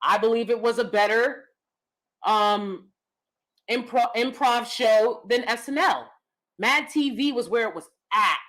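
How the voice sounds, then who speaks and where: A woman in her thirties hosting a casual commentary stream, animated and emphatic, rambling with asides and reacting to chat. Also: a little high, measured pace, low-quality recording. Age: 30s. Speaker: commentary channel host.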